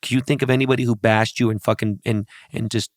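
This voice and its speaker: A man's voice: medium pitch, steady tone, fast, no echo, clean studio sound. A man hosting a podcast, telling stories bluntly and with a lot of swearing, often speaking straight to his audience. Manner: profane, blunt storytelling. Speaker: podcast host. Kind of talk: casual podcast conversation.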